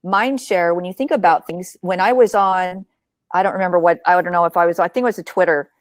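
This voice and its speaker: A woman's voice: fairly low pitch, brisk, no room sound. Emphatic woman host on a call. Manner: emphatic, lively, plainspoken. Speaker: association CEO and host. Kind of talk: casual interview chat.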